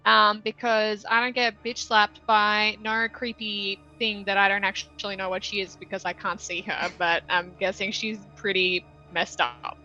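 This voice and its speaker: A woman's voice: mid-range voice, pushed and bright. A woman playing a tabletop game, speaking casually and bluntly, often hesitating. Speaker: player. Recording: slightly muffled mic.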